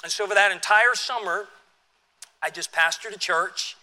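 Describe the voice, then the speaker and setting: A man in his sixties, a pastor, telling a personal story in a sermon with a relaxed, conversational manner and frequent restarts. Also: high-pitched, normal speed. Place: church sanctuary. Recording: long church hall reverb.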